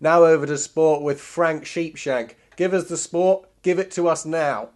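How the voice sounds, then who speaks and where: A man playing a jaunty male news anchor, brisk and theatrical as he hands over between segments. His voice sits a little higher than usual for a man. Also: a little mellow, close to an everyday voice. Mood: upbeat.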